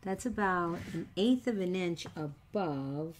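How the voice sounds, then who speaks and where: A middle-aged woman leads a casual papercraft tutorial in a lowish, animated voice at a slow pace, with a little hiss or hum in the background. She talks to viewers and teases herself with nervous jokes about slip-ups.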